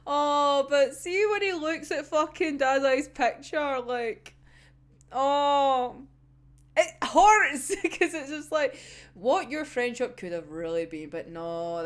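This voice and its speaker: Lively woman, animated and laughing. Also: sits high. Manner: animated, laughs often, swears freely. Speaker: anime reaction host. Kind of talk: casual episode discussion.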